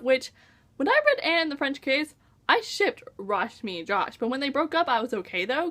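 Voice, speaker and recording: A young woman talks through a novel in a casual vlog. Her voice sits high and swoops up and down, with a gushing, exasperated manner and many exclamations. She sounds like an excited fan venting about the story. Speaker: book reviewer. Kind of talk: casual book review vlog.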